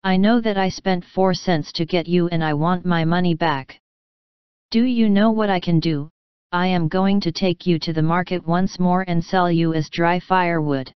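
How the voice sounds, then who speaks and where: Woman reading as an angry greedy man, gruff, indignant, low smooth voice, dull recording. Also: steady tone, moderate pace, no room sound, close to an everyday voice. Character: angry greedy man who bought a donkey.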